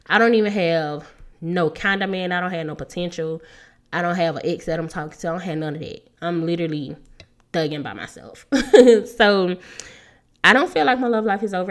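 A thirty-year-old woman hosting a solo podcast, talking in a casual, earnest way and laughing often. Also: on the low side. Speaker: podcast host.

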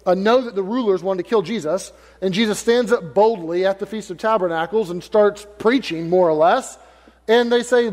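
A man's voice: high-pitched, moderate pace, a little mellow, long reverb tail. A male pastor preaching a sermon, reading scripture aloud and then paraphrasing it in casual everyday words. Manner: reads King James verses, then paraphrases them in casual modern speech.

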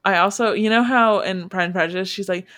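A woman's voice: mid-range voice, fairly quick, fairly bright tone, no room sound, clean studio sound. A young woman chatting casually as a podcast co-host, trailing off with fillers. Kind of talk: casual chat.

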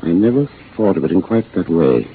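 An actor playing a hesitant, soft-spoken older botany professor with a quietly menacing edge, in a 1940s radio drama on a tinny broadcast. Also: male voice, sits low, very animated, fairly quick, gravelly, full character voice. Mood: wistful. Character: mild older botany professor, henpecked and sinister. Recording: tinny lo-fi old radio broadcast, faint hiss.

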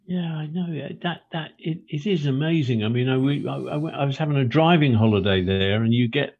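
Rambling British man, husky and lo-fi. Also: mid-range voice, a little fast. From Britain. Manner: rambling, self-correcting, with many ums and restarts. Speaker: author and podcast guest. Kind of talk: casual chat.

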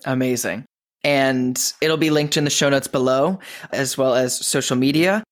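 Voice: mid-range voice, moderate pace. A podcast host interviewing a guest, effusive and encouraging.

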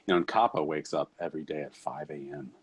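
A man co-hosting a casual chat, relaxed, recounting others' words with dry humor. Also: rumbling low, quick pace, husky, no room sound.

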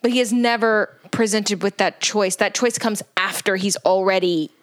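A woman's voice: medium pitch, moderate pace. Wry woman breaking down a TV episode. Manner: wry, analytical, laughs often. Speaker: podcast co-host. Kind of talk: casual chat, story structure analysis.

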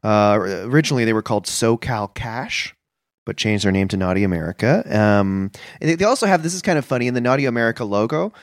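A man co-hosting a podcast in casual comedic chat, talking deadpan and mock-earnest with halting starts. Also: on the low side, no room sound, studio quality. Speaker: podcast co-host.

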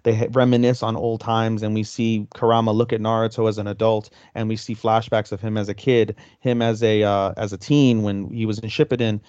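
A man's voice: lowish voice, level tone, a little fast, hardly any pauses, a little mellow, smooth, no echo, highs cut off. A man co-hosting a podcast, casually retelling an episode and acting out the characters' lines as he goes. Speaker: podcast co-host.

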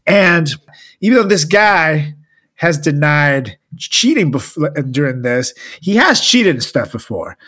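A man's voice: fairly high pitch, sing-song, takes it slowly, sharp tone. A man co-hosting a podcast, chatting casually with crude jokes and frequent laughter. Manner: joking, crude, laughs often. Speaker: podcast co-host. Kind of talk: casual podcast chat with a read ad.

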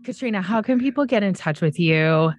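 A woman's voice: mid-range voice, animated, fairly quick, no room sound. A woman hosting an interview podcast, effusive and chatty, with frequent fillers. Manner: warm and effusive, with many fillers. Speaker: podcast host. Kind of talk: casual interview conversation.

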